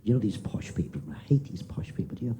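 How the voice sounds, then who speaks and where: A male stand-up comedian with an Irish accent, telling jokes in a lively storytelling way on a live stage. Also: fairly low pitch, fast, a little hiss or hum. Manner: lively storytelling, punchline delivery.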